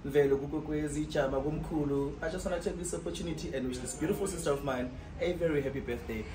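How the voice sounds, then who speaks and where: A South African man rattles off upbeat, playful birthday wishes at a quick clip. His voice sits slightly high for a man. The room rings, and noise runs behind him. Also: echoey room, far from the mic. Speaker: actor giving birthday wishes. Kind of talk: casual greeting to camera.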